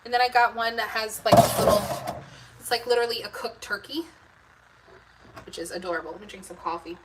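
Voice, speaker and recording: Chatty woman cooking live over loud noise. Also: a little high, fairly even intonation, a little fast, recorded from a distance. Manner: rambling, talks to viewers and reads their comments aloud. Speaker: homemaking channel host. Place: home kitchen. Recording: loud background noise in a home kitchen.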